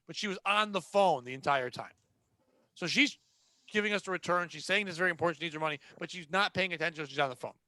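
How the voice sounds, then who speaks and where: A man's voice: on the high side, fast talker, no room sound. A man hosting a podcast, telling a retail work story in a blunt, sarcastic way and acting out the people in it. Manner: animated, acts out the people in his stories. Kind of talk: casual storytelling chat.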